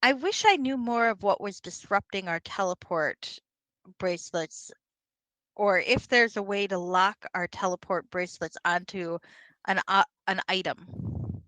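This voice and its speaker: A woman's voice: medium pitch, measured pace, fairly bright tone, dry recording, low-quality recording. A woman playing a tabletop game over an online call, thinking aloud in a hesitant way and often restarting her sentences. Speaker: player.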